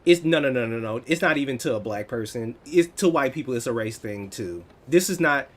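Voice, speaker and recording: An American man in his thirties, chatting casually on a livestream, answering viewers in an animated, teasing way. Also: medium pitch, fairly quick. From United States. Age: 30s. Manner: animated, teasing, laughs often.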